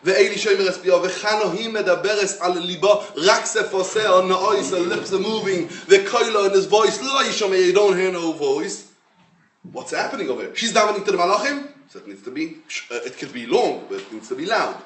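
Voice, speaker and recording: Rabbi lecturing, emphatic and animated, highish voice, far from the mic. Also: male voice, brisk, a little hiss or hum. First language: Hebrew. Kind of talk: Torah lecture. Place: lecture room. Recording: roomy echo, mic at a distance.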